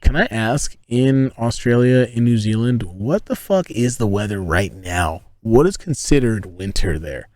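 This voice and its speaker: A man's voice: fairly low pitch, lively intonation, unhurried, few pauses, a little mellow, no echo. A man from the United States live-streaming from inside a tent, rambling and joking with his viewers and swearing often. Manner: rambling, profane, joking, talks to chat. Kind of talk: casual live-stream chat.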